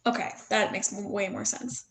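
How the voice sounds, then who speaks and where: A woman's voice: mid-range voice, fairly even intonation, normal speed, vocal fry, fairly bright tone. A woman nursing student politely asking a question in class to check her understanding.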